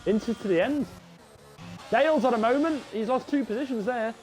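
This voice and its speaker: Excitable young race commentator. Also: male voice, very high-pitched, fairly quick, soft background music, rough recording. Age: young adult. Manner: chatty and excitable, talks to viewers as lads. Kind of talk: live sim racing commentary.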